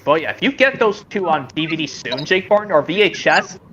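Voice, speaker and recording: A fan talks in a lively, up-and-down voice, tripping over restarts while showing off books. The audio is dull and muffled, with faint noise behind it. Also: mid-range voice, fairly quick. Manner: lively, rambling, restarts a lot. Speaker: fan on a book stream. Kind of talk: casual live-stream chat.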